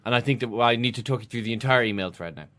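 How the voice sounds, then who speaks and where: A man's voice: mid-range voice, racing, pushed and bright. An Irish man co-hosting a podcast, reading listener emails aloud in a dry, amused way. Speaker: podcast co-host.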